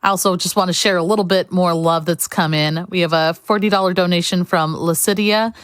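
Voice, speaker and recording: A woman's voice: fairly low pitch, fairly even intonation, brisk, clear, resonant tone, no room sound, studio quality. A woman hosting a live charity speedrun stream, chatty and upbeat as she reads out donations and thanks volunteers. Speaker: marathon host.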